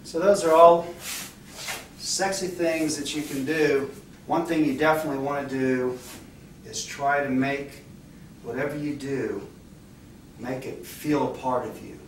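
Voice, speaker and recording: A male dance instructor demonstrating moves while he explains, talking in a relaxed, halting way with many fillers and restarts, recorded by a far camera mic in a dance studio. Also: mid-range voice, slight background noise. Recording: very echoey room, off-mic.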